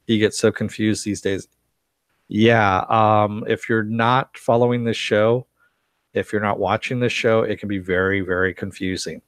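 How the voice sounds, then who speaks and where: Fairly low in pitch and even in intonation, this host keeps a measured pace on a dry recording. On his casual live stream reviewing a TV series, he reads chat aloud and rambles, laughing often amid fillers and restarts.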